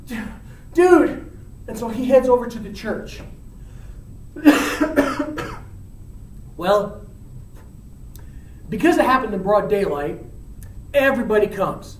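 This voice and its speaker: Animated man retelling a story to a class. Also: high voice, slow pace, long pauses. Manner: animated, casual slang retelling. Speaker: teacher. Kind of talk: storytelling lesson. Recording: echoey room, mic at a distance.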